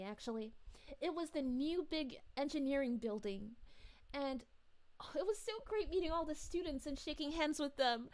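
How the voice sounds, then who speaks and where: A woman's voice: high voice, darkish tone. A woman voicing a cheerful, gushing female city mayor in an in-character livestream, bubbly, giggly and sweetly polite. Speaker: VTuber streamer.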